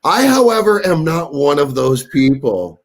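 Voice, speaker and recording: A man's voice: fairly high pitch, sing-song, a little slow. A man co-hosting a casual movie review chat, joking and laughing often. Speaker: host.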